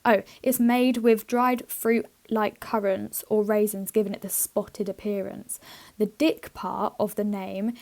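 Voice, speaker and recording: A woman's voice: medium pitch, level tone, unhurried, gravelly, darkish tone. A woman co-hosting a podcast, chatting playfully, laughing often and swearing casually as she reads out a list. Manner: giggly, playful, swears freely. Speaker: podcast co-host. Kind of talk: casual chat, reading out a list.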